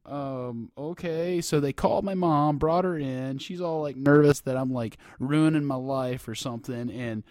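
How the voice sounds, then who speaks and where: A man's voice: medium pitch, moderate pace, few pauses, darkish tone, dry recording, studio quality. A man casually telling a crude, joking story, full of fillers and laughter. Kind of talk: casual chat.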